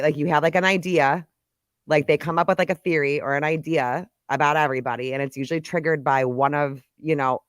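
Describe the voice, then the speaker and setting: A woman's voice: low-pitched, no echo, studio quality. A woman hosting a podcast in casual chat, brash and joking, rambling with lots of fillers. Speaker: podcast host.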